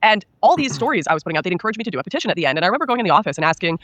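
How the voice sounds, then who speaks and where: A woman's voice: medium pitch, sing-song, a bit bright, dry recording, muffled recording. A woman being interviewed as an author, speaking candidly and earnestly, often acting out what others told her. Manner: rapid, earnest, acts out quoted people.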